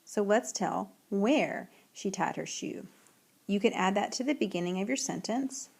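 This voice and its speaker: A woman teacher giving a recorded writing lesson, reading example sentences slowly and clearly. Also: medium pitch, animated, darkish tone.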